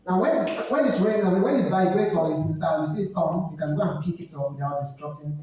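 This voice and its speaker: Talking at a quick pace in a dark, medium-pitched voice, a Nigerian-accented etiquette trainer gives students an emphatic, instructive seminar and repeats the main points. It's recorded in an echoey hall, far from the mic, with slight background noise.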